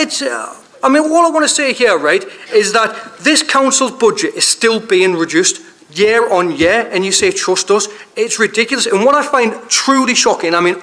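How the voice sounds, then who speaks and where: A man speaks in a council chamber, his voice sitting high. He is plainly angry, driving his speech forward with one repeated rhetorical question after another. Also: a bit bright.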